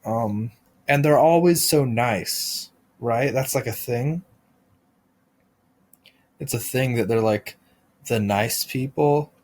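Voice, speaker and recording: Slow, rambling man doing deadpan comedy. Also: mid-range voice. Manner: rambling, halting, full of restarts and absurd tangents. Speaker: podcast host.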